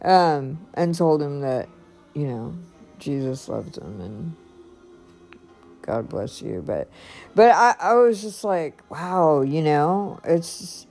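Slow-talking chatty woman vlogger. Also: low voice, expressive, creaky, dark tone, faint music behind. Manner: chatty, rambling, laughs often, faith-filled. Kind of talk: casual personal vlog.

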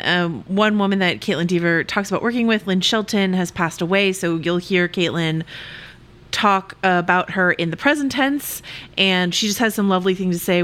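A woman co-hosting a podcast, chatting enthusiastically with quick asides. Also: lowish voice, fairly bright tone. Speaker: podcast co-host. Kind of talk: casual podcast chat.

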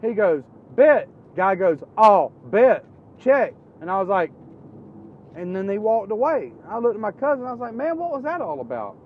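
A man from Florida spins loose stories in a slightly raised pitch, rambling with restarts and jumping into animated quotes. The sound is dull and lo-fi, with faint traffic outside. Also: brisk. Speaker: storyteller. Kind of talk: casual storytelling.

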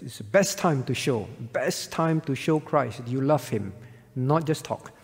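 A man's voice: mid-range voice, takes it slowly, pauses often, in a large hall. A male pastor preaching a sermon earnestly, often checking in with the congregation by asking "all right?".

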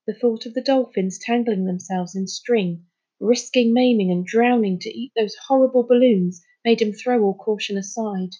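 A woman reading a children's novel aloud in an expressive storytelling manner. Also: on the high side, normal speed, husky, highs cut off. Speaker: storybook reader.

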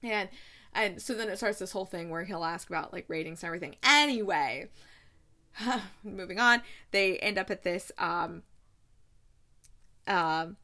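A woman hosting a casual recap, chatty and animated, gushing and tossing in playful asides while she retells scenes. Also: mid-range voice, measured pace, long pauses. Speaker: podcast host reviewing movies.

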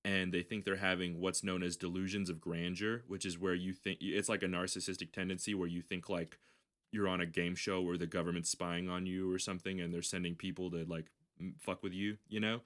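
A man's voice: low-pitched, little pitch movement, a little fast, fairly bright tone. A man hosting a podcast, telling a long story in casual chat, rambling and swearing, with frequent restarts. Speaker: podcast host.

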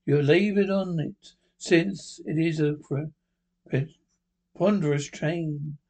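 A man's voice: on the high side, fairly even intonation, takes it slowly, dark tone. A man reading aloud and voicing the sorrowful ghost of a dead man, solemn and grave. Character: mournful chained ghost of a man. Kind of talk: storybook reading.

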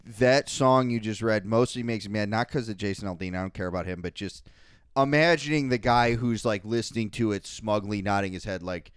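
Young male co-host, low and smooth, profane ranting bursts, dry close sound. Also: fairly quick, no echo. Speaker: podcast co-host. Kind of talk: casual podcast chat.

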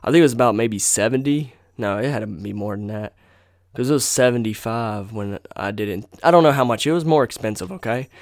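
A man's voice: lowish voice, a little fast, no echo, clean studio sound. A young man hosting a podcast, telling a story in a rambling, profane, casual way and correcting himself as he goes. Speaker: podcast host.

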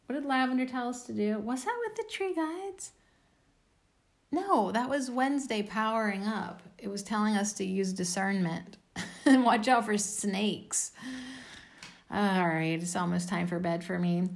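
A woman's voice: medium pitch, a little slow. A tired woman giving a casual oracle card reading, blunt and self-mocking, with the odd swear.

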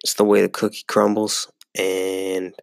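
A young man with a gravelly, creaky voice talks through a casual solo sports podcast. He rambles, swears freely and fills gaps with "like" and "um". The sound is dry and close, with little room echo. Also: low voice, monotone, a little slow. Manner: rambling and profane, with frequent fillers. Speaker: podcast host.

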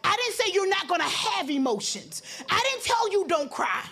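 A middle-aged woman pastor preaching a sermon with an impassioned, repetitive building cadence that rises to shouts. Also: extremely high pitch, very animated, normal speed, few pauses.

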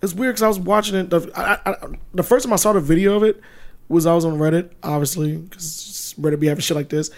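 A man co-hosting a podcast, chatting casually with loose, profane, animated storytelling. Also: high-pitched, quick pace. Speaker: podcast co-host.

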